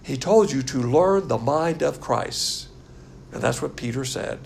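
A man's voice: mid-range voice, unhurried, vocal fry, a little hiss or hum. An older man teaching a Bible class as a pastor, blunt and scornful in manner. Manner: blunt, scornful, animated lecturing.

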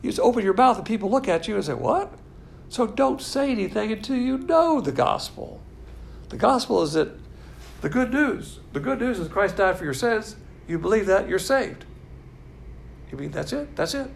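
A man's voice: sits high, lively intonation, moderate pace, gravelly, slight background noise. A man preaching a casual sermon, joking and mimicking imagined people in quoted voices.

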